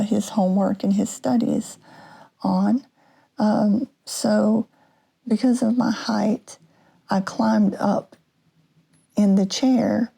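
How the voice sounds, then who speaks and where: Female podcast host, slow and halting storyteller, dark gravelly tone. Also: medium pitch. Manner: halting, many restarts and fillers. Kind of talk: personal storytelling.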